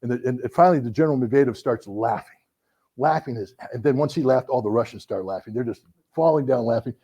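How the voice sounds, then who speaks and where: A man's voice: medium pitch, fast, breathy edge, lo-fi sound. A middle-aged American man telling anecdotes to an audience at a book talk, acting out the people he quotes. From United States. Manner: animated anecdotal storytelling with voiced quotes. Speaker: author giving a book talk.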